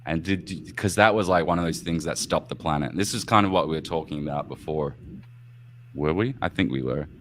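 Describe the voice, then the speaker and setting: A man's voice: rumbling low, brisk, fairly bright tone, a little hiss or hum. A man hosting a podcast in casual chat, laughing often and swearing as he rambles. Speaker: podcast host.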